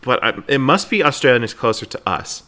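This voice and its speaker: A man's voice: mid-range voice, very animated, brisk, sharp tone. An American man co-hosting a casual podcast, wry and opinionated, swearing now and then. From United States. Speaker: podcast co-host. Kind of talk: casual chat.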